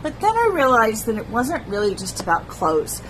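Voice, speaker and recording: A middle-aged woman hosting her own vlog, talking to her viewers in a slow, soft-spoken and personal way. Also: on the high side, wildly swooping pitch, a little hiss or hum, low-quality recording. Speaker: vlog host. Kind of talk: heartfelt personal vlog talk.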